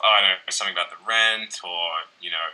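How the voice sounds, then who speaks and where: A man's voice: sits low, fairly even intonation, fast talker, sharp tone, rough recording. An actor playing a young man on a date, telling a rambling, profane story about his wrecked room. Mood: rueful. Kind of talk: conversational web-series acting.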